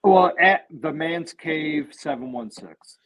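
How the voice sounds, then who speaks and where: A man's voice: fairly high pitch, takes it slowly, a bit bright, poor audio. A man who is a guest on a casual podcast, telling stories in a rambling way and swearing freely.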